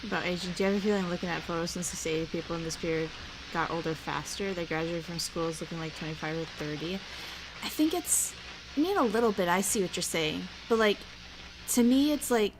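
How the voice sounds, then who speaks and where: A young woman chatting casually while watching a movie with her viewers, full of "like" and quick laughs. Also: lowish voice, a little hiss or hum, poor audio. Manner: chatty, lots of "like", frequent laughs. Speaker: streamer hosting a watch-along. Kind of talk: casual chat.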